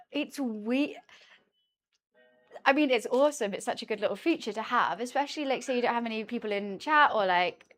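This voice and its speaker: High-voiced chatty woman streamer. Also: fairly bright tone. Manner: chatty, laughs often, coos to her cat. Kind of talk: casual chat while cooking on stream.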